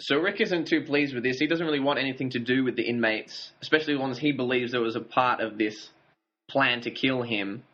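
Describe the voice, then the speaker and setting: A man's voice: mid-range voice, fairly quick, fairly bright tone. Man recapping a show, lo-fi audio. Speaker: podcast co-host. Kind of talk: casual recap chat. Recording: dull lo-fi audio.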